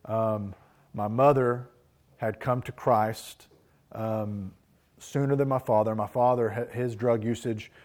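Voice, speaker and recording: A man's voice: lowish voice, fairly even intonation, slow, a little mellow. A man preaching a sermon, telling personal stories in an earnest, reflective way. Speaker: pastor.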